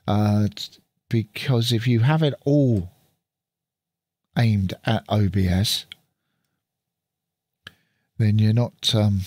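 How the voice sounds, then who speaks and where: A man's voice: on the low side, fairly even intonation, takes it slowly, long pauses, no room sound. A man chatting casually as he walks through a computer setup on screen, thinking aloud as he works, recorded on a studio mic through an audio interface. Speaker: channel host.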